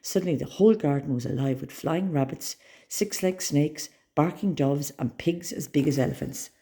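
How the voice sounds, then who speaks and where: Gravelly woman reading a children's story. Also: sits low, moderate pace. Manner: expressive, dramatic storytelling.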